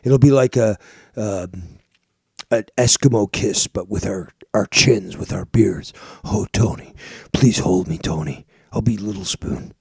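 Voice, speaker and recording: Man putting on a loud whiny clingy guy, mock-pleading for a hug; dry close sound. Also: on the low side, a little slow, gravelly, slightly rough, no room sound, full character voice.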